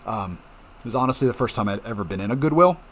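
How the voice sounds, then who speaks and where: A man's voice: fairly low pitch, lively intonation, quick pace, fairly bright tone, slight background noise. A middle-aged man hosting a home mining channel, talking casually and reassuringly to viewers and checking in with them often. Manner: chatty, reassuring, frequent "okay?" check-ins. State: coughing at times. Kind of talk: casual explanatory talk to viewers.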